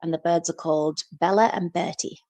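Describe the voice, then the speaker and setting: A woman from Liverpool with a softened Scouse accent, co-hosting a podcast and telling stories in casual chat. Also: fairly low pitch, fairly quick. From Liverpool, England. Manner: animated storyteller. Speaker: podcast co-host.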